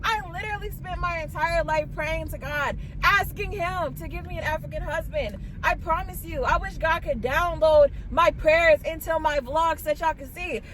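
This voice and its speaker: A woman's voice: normal speed, few pauses. A young woman vlogging, telling a date story in casual slang, gushing and quoting herself in squeals, with a cough. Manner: animated, gushing, quotes herself in high squeals. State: coughing, under the weather.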